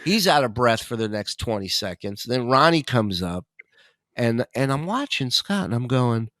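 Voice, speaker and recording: A man's voice: mid-range voice, normal speed, no room sound, studio quality. A man telling a long comic story as a podcast guest, swearing freely and laughing as he goes. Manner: animated, profane, laughs while telling stories. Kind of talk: casual storytelling.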